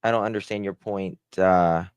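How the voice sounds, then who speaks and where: A man hosting a casual live stream, rambling and hesitant, warmly thanking chat. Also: sits low, steady tone, normal speed, clear, resonant tone, dry recording. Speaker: livestream host.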